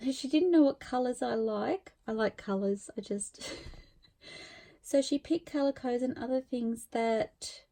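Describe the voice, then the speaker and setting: Woman, middle-aged, teary and gushing, slow unhurried talk, soft mellow tone. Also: a little high, vocal fry. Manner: emotional, gushing, soft-spoken with laughs and sighs. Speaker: craft vlogger. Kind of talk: casual vlog, opening viewer mail.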